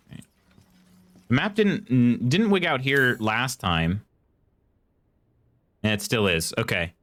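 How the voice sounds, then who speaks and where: A man's voice: medium pitch, a bit bright, clean tone. Chatty male game streamer. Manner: chatty, reads chat aloud and muses while playing; reads in-game text aloud. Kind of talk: casual live gameplay commentary.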